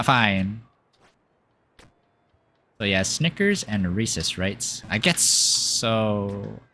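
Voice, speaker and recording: A man streaming a game, chatting casually and rambling, often giggling and filling pauses with um and uh. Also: on the low side, bright, forceful tone, slight background noise. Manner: rambling and giggly, with many fillers. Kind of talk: casual chat while playing a game.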